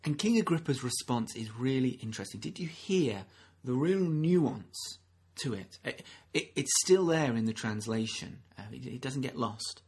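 A man's voice: mid-range voice, lively intonation, normal speed, darkish tone, breathy edge. A man preaching a sermon in an earnest, conversational way, often restarting his sentences and acting out the people he quotes. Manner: earnest, acts out quoted speakers, frequent restarts.

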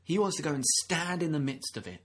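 Husky-voiced man preaching a sermon. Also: a little high, lively intonation, quick pace, fairly bright tone. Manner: earnest, acts out quoted speakers, frequent restarts.

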